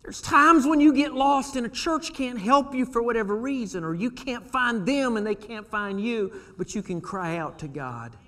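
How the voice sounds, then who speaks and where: A man preaching a sermon as pastor of his church, moving from quiet asides to shouted pleas. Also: extremely high pitch, moderate pace, few pauses. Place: church sanctuary.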